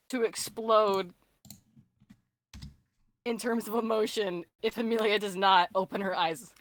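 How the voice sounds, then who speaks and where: A woman's voice: mid-range voice, no echo. A woman playing a tabletop game, describing her character's actions in a rambling way full of fillers. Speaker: player. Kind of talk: casual tabletop game play.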